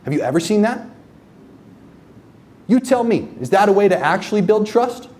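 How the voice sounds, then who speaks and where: With a high, sing-song voice and a darkish tone, a marketing agency owner speaks at a moderate pace in a live workshop. He addresses a room of business owners profanely and emphatically, checking in with "okay?" and "right?".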